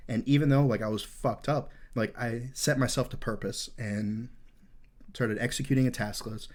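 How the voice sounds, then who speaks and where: A man's voice: mid-range voice, steady tone, normal speed, a little mellow. A man in his thirties hosting a podcast, telling a story in casual talk, intense and earnest, swearing in nearly every sentence and rambling with fillers. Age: 30s. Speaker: podcast host.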